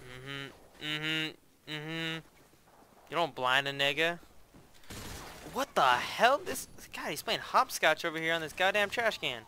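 A man giving profane, excitable live commentary while playing a shooter game. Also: fairly high pitch, slow, a little hiss or hum. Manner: profane, excitable trash talk. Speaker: gameplay commentator.

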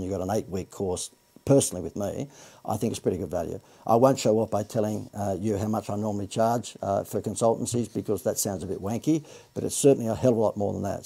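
Husky man pitching a course. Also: mellow. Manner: rambling, self-correcting, joking asides. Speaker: marketing course presenter. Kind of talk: live sales pitch.

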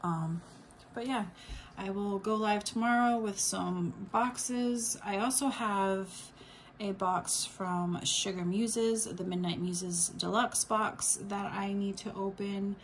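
A woman's voice: mid-range voice, fairly even intonation, slow pace, slight background noise. A woman vlogger chatting casually about a subscription box, rambling with lots of fillers and restarts. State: has the hiccups. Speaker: unboxing vlogger. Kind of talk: casual unboxing chat.

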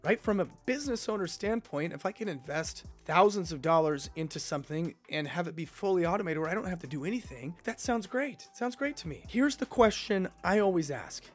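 A man's voice: sits high, expressive, fairly quick, few pauses, soft background music. A man who works as a YouTube consultant, talking skeptically and directly to his viewers in a casual commentary vlog.

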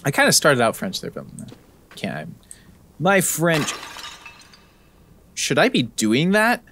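A man's voice: a little high, wildly swooping pitch, unhurried, pushed and bright, slight background noise. A man commenting on a horror game as he plays, with joking, sarcastic asides. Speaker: gaming video host. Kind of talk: let's-play commentary.

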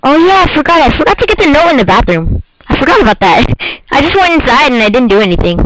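A man's voice: very high-pitched, very animated, quick pace, fairly bright tone, a little hiss or hum, rough recording. A teenage boy rambling and joking through casual let's-play commentary of a horror game. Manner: goofy, rambling, jokey. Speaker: gamer.

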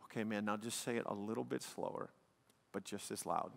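A man's voice: lowish voice, fairly even intonation, brisk, vocal fry. A man preaching a sermon in an emphatic, conversational way, often dropping "man" and "like" between points. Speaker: pastor. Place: church sanctuary. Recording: long reverb of a large hall.

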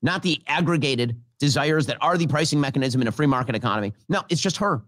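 A man's voice: medium pitch, animated, fairly bright tone, no echo. A man giving scornful, sarcastic political commentary in a played clip. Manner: sarcastic, rapid-fire, scornful.

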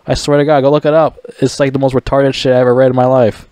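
A man vents in a heated, swearing rant, restarting sentences and sighing in disgust. His voice sits at an ordinary middle pitch. The recording is close and dry, with no room sound. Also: flat delivery, quick pace, mellow, clear, resonant tone, dry recording. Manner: ranting, profane, exasperated, sighing, stumbling restarts. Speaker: video creator ranting about a TV show. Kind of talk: angry profane rant.

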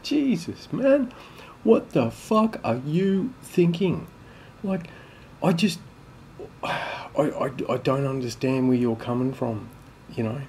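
Australian bloke, mid-pitched, rambling sarcastic vlog rant, lots of swearing. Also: male voice, a little mellow, slight background noise. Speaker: vlogger. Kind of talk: casual profane rant to camera.

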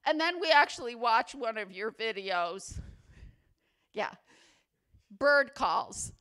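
A woman's voice: a little high, animated, takes it slowly, sharp tone, smooth. A woman giving an award acceptance speech at a ceremony, chatty, playfully humorous and sentimental. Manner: affectionate, sentimental. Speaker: faculty award recipient.

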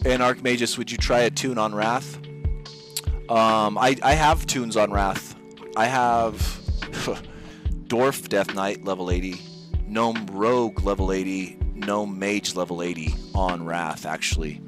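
A man's voice: on the low side, steady tone, a little slow. A young man chatting casually as a gaming streamer, rambling and jokey with laid-back gamer slang. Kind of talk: casual joking chat. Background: background music.

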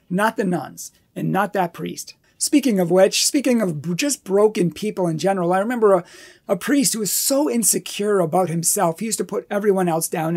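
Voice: medium pitch, a little mellow, husky. A Catholic speaker telling a personal testimony in an earnest, emphatic way, building up repeated phrases.

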